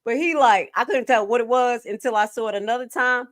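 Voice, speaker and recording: A woman's voice: a little high, fairly quick. A woman hosting an online show, commenting on a played interview and talking straight to her viewers. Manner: animated, talks straight to viewers. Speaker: host.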